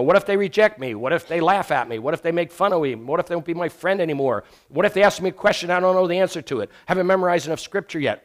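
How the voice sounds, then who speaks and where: A man preaching a sermon on sharing faith, earnest, telling stories and dropping to a hush for emphasis. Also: on the high side. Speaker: evangelism teacher.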